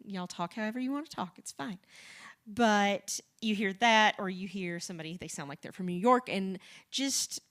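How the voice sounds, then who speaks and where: A woman's voice: mid-range voice, normal speed, fairly bright tone. Chatty woman from the American South. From Southern United States. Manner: rambling and chatty, with frequent restarts and light laughs. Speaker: podcast co-creator, guest. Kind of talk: casual conversational interview.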